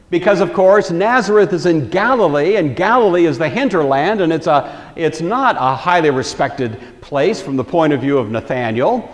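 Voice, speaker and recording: A man's voice: fairly high pitch, expressive, normal speed, hardly any pauses. Guy giving a bible lecture, tells it like a story, voice jumps around a lot, big reverby room. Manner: conversational storytelling, acts out quoted lines. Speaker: Bible teacher.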